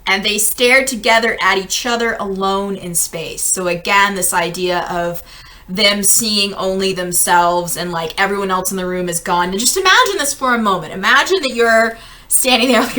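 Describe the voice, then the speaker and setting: A young adult woman leading a casual book-club lesson, chatty and animated, acting out quotes. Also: medium pitch.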